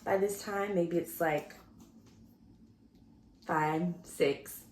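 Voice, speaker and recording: A woman's voice: lowish voice, drawn-out words, a little hiss or hum. A woman vlogger chatting casually to the camera, telling a story and acting out what people said. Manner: animated, chatty, acts out quotes. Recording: echoey room.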